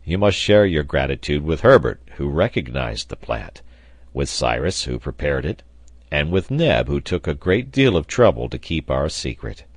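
A man voicing a genial, teasing reporter in a low, slow, coaxing tone. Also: sing-song, breathy edge, no room sound, clean studio sound, exaggerated voice. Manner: low, drawn-out, gently coaxing. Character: genial, teasing middle-aged male reporter.

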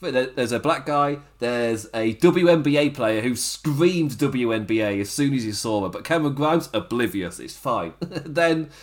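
A man co-hosting a casual podcast chat, retelling scenes with frequent laughter and quick acted quotes. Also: mid-range voice, lively intonation. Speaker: podcast co-host. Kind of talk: casual chat recapping a wrestling show.

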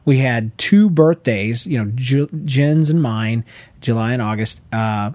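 A man's voice: medium pitch, expressive, a little slow, darkish tone, dry recording. A man in his thirties co-hosting a podcast, chatting casually and jokingly with his wife, rambling with many restarts. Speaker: podcast co-host.

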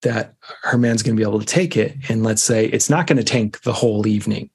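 A man's voice: on the low side, fast, a little mellow, breathy edge. A man speaking as a podcast guest, giving reflective relationship advice in a casual, loose way with fillers. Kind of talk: casual conversation.

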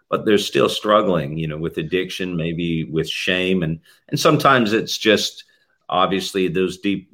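A man hosting a faith interview, asking gentle, halting questions full of fillers. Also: low-pitched. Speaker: interview host.

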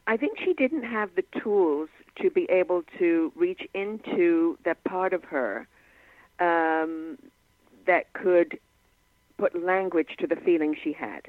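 A woman hypnotist, a guest in an interview, who tells client stories in an animated way and acts out the quotes. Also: fairly low pitch, slow, no room sound. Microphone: telephone. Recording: tinny dry phone line.

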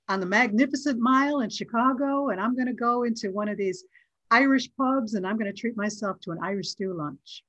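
Lively middle-aged actress, dry dull sound. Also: female voice, mid-range voice, no room sound. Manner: lively, acts out quoted dialogue. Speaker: actress, interview guest. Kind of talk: casual storytelling interview.

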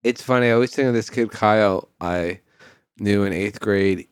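A man's voice: lowish voice, normal speed, smooth, no room sound, studio quality. A young man on a podcast, telling a rambling story full of restarts. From New Jersey, US. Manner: rambling storyteller, self-interrupting. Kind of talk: casual chat.

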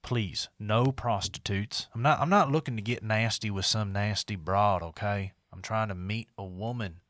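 A man voicing a lonely, slightly creepy 55-year-old man, reading a personal ad aloud in a slow, low-key, lingering drawl. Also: fairly bright tone, no echo, clean studio sound, close to an everyday voice.

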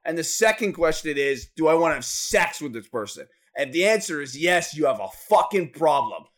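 A man co-hosting a podcast, chatting crudely and profanely with loud bursts of laughter. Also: fairly high pitch, big pitch swings, moderate pace. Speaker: podcast co-host. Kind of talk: crude casual chat.

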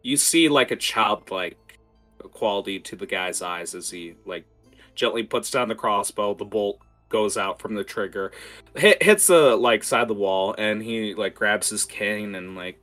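A man's voice: lowish voice, unhurried, fairly bright tone, soft background music. A man narrating a tabletop game as game master, rambling with many fillers.

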